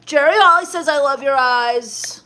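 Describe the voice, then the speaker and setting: A young woman hosting a livestream, reading viewer comments aloud in a deadpan, dismissive, sarcastic comedic manner. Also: high voice, moderate pace. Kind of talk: in-character comedic livestream chat.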